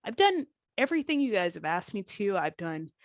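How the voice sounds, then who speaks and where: A former pro wrestler, a woman in her thirties, speaks at a fairly quick clip in a mid-range voice, with no room sound behind her. As a guest on an interview podcast she's candid and emotional, mimicking other people's lines in vivid voices.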